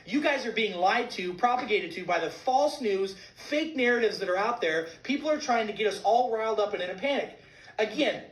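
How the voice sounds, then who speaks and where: A man's voice: high voice, a bit bright. A man who is a physician delivering a heated, emphatic commentary on news articles, swearing freely as he talks. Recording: roomy echo.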